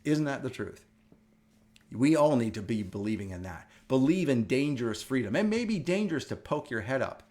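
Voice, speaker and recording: A middle-aged man from the United States hosting a casual wellness talk, telling stories with animated energy and frequent laughter. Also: mid-range voice, moderate pace. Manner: animated storytelling, laughs often. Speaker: wellness show host. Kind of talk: casual chat.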